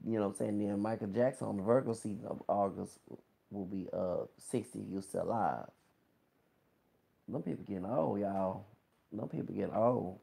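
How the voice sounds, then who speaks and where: A man's voice: lowish voice, moderate pace, creaky, dark tone, slightly rough. A man in his thirties giving a casual, rambling gossip commentary to his viewers, full of exclamations and asides. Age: 30s. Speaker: vlogger.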